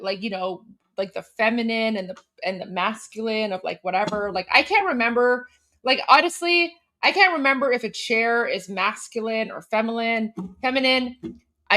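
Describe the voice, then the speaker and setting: Mocking woman host with a high voice. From Canada. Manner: mocking, scornful and animated; eating while talking. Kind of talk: reaction commentary stream.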